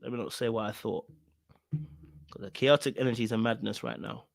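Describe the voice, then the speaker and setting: A man's voice: mid-range voice, moderate pace, creaky, dry recording, clean studio sound. A man giving casual reaction commentary, emphatic and blunt, repeating himself with plenty of slang.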